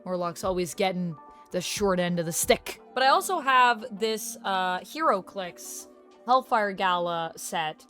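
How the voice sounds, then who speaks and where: A woman's voice: medium pitch, expressive, unhurried, fairly bright tone, soft background music. A woman YouTuber chatting casually in a reaction vlog, gushing as a self-described fan.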